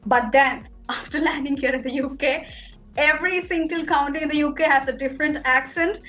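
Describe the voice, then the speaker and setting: A woman's voice: sits high, steady tone, a little fast, fairly bright tone, highs cut off, soft background music. A young woman from India with an Indian accent, talking casually as an interview guest and filling her speech with "like" and "you know". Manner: chatty, fillers like "like" and "you know".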